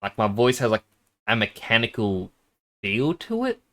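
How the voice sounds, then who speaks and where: A man's voice: fairly low pitch, big pitch swings, normal speed, fairly bright tone. Man streaming from home: loose, rambling chat, a bit shy, tries out whispering on his microphone. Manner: rambling, self-conscious, tests whispering at the mic. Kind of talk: casual game-stream chat.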